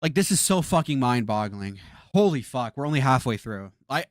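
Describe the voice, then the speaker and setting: Man, live-stream reaction talk, lively swinging pitch, exasperated, swears a lot, dry close sound. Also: normal speed, few pauses, dry recording.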